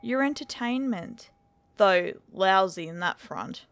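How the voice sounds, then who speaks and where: A woman's voice: medium pitch, expressive, slow, creaky, fairly bright tone, no echo, soft background music, exaggerated voice. A woman voicing a bored, menacing man who cannot be killed, speaking with cool scorn. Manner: scornful, coolly threatening.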